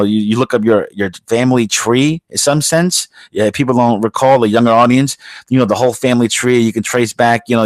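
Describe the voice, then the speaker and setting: A man's voice: medium pitch, dry recording. A man hosting a podcast, talking in a rambling, profane way with many fillers and restarts, from the United States. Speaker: podcast host. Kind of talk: casual podcast monologue.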